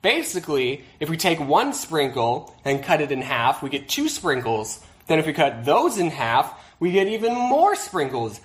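A man's voice: fairly high pitch, big pitch swings, moderate pace, hardly any pauses, a bit bright. A man vlogging as a YouTuber, joking and talking in a mock-sincere way. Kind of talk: casual vlog.

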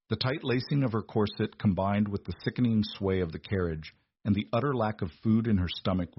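Low husky male story narrator. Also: dull audio.

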